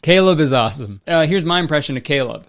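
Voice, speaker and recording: A man's voice: on the high side, lively intonation, fast talker, faint music behind. A man giving comedic commentary on an old TV show, cracking dry, crude jokes and laughing often.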